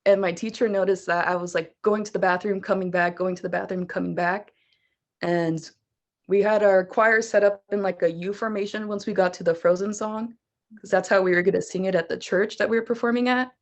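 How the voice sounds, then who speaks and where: A woman's voice: medium pitch, fairly even intonation, a little fast. Young female vocalist guest; chatty storyteller, loose and casual delivery. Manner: chatty, laughs often, fillers like "like".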